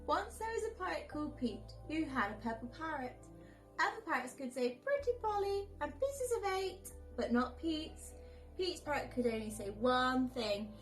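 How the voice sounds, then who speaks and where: A woman from a nursery reading a bedtime story aloud in a lively, expressive way. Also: high-pitched, moderate pace, soft background music. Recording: echoey room.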